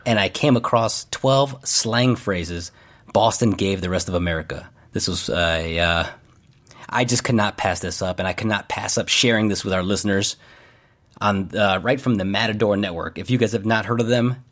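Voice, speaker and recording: A man's voice: fairly low pitch, moderate pace, fairly bright tone. A man co-hosting a podcast in casual chat, loose and jokey, laughing often as he reads through a list. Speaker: podcast co-host.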